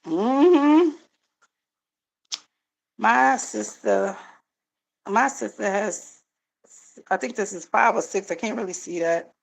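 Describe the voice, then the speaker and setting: A woman's voice: medium pitch, takes it slowly, creaky, pauses often, rough recording. A middle-aged woman hosting a casual live stream, chatting with viewers she calls family and reading their comments aloud before answering them. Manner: addresses viewers as family, frequent fillers. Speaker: live-stream host and card reader.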